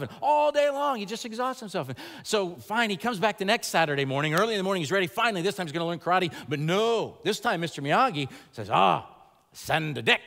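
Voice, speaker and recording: A man preaching a sermon to an audience in a large chapel, moving from animated storytelling to quiet, earnest appeals. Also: on the high side. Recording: long reverb of a large hall.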